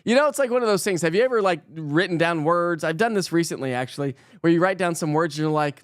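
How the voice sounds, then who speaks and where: A man hosting a relaxed morning weather stream, chatting with viewers and poking fun at his own stumbles over words. His voice sits fairly high, and the sound is dry and close with no room echo. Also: fairly quick. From Colorado. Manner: chatty, self-mocking, laughs often, stumbles over words. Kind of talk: casual live-stream chat reading viewer comments.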